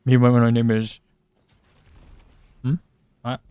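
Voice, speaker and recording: Smooth-voiced profane gamer guy. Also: medium pitch, flat delivery, takes it slowly, dry recording, highs cut off. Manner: profane, blunt, joking. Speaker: streamer. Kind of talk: casual gaming banter with teammates.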